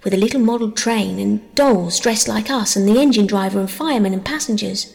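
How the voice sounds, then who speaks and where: Woman putting on a cocky little boy, blunt, teasing, gravelly, lots of reverb. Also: mid-range voice, brisk, darkish tone, close to an everyday voice. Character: cocky, boastful young boy. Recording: long reverb.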